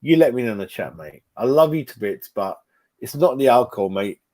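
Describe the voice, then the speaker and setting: A man's voice: medium pitch, a little fast. A man, hosting his own fan channel and reacting live to his chat, swearing a lot. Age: 40s. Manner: sweary, animated, talking to chat.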